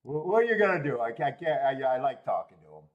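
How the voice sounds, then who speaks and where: A man hosting a horse racing betting livestream, talking casually in animated, laughing rants and stammering often. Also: medium pitch, fast, lo-fi sound.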